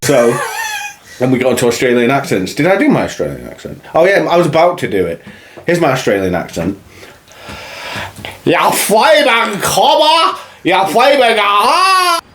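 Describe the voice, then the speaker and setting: A man's voice: mid-range voice, very animated, fast talker, a little hiss or hum. A man co-hosting a podcast, joking and teasing his friend in casual banter. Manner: joking, teasing, breaks into laughter. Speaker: podcast co-host.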